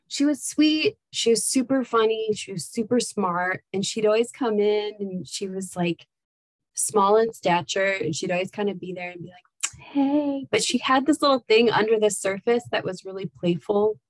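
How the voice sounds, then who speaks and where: A woman's voice: mid-range voice, measured pace, no room sound, poor audio. A woman who leads a nonprofit, telling candid, heartfelt stories in a casual chat with frequent fillers. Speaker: nonprofit staff leader.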